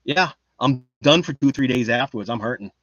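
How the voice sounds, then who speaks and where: A man's voice: medium pitch, a little fast, fairly bright tone, no echo, highs cut off. Joking, rambling man on a livestream. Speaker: livestream host. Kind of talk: casual livestream chat, reading chat.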